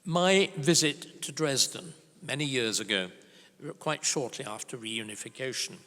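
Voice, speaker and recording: An older man, a historian, speaking at a conference in an emphatic, grave and forceful way. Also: medium pitch, a little slow. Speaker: historian giving a conference talk. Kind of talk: conference speech and Q&A answer. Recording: reverberant conference hall.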